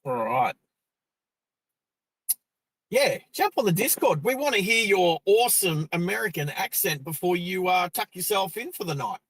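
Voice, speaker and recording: An Australian man hosting a driving live stream from a car, talking into his phone in a casual, excitable way. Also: sits high, normal speed, slightly rough, no room sound, low-quality recording. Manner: chatty, excitable narration of what he sees. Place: parked car.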